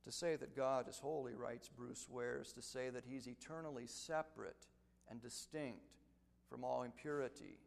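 A man preaching an expository sermon, building to loud, emphatic crescendos. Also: medium pitch, normal speed, gravelly. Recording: long reverb of a large hall.

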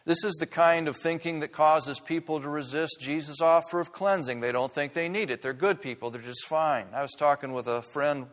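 A man preaching a sermon, earnest and emphatic, who slows down to stress key words. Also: on the high side, a bit bright, long reverb tail.

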